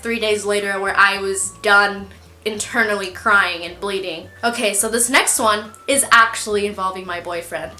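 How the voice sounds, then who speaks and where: A young woman telling embarrassing stories to the camera in a casual, animated and self-mocking way, acting out the quotes. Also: sits high, roomy sound. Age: young adult. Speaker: vlogger.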